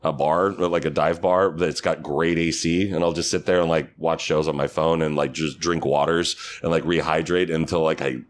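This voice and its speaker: A man's voice: normal speed, few pauses. A man, a guest on a podcast who performs at a theme park, telling casual stories and acting out the people in them. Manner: animated, acts out quoted people in high voices. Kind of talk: casual storytelling chat.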